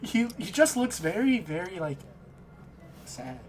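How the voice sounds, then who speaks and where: A man narrating a tabletop game as game master, halting and restarting as he describes the scene. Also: sits high, sing-song, a little hiss or hum.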